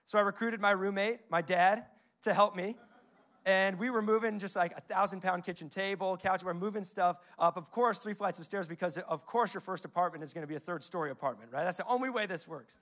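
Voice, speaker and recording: Here a young pastor, in his twenties or thirties, delivers a sermon built on conversational storytelling and scripture quotations. His voice is high-pitched and fairly bright, and he moves at a brisk pace.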